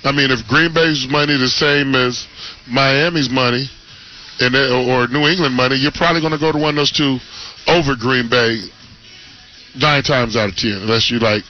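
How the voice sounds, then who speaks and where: A former pro football player talks sports on the radio in a relaxed, conversational way, at a middle pitch for a man. He draws out his points and takes his time. The broadcast sound is somewhat dull. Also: moderate pace, a little hiss or hum. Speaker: former NFL player, co-host. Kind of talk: casual sports radio chat.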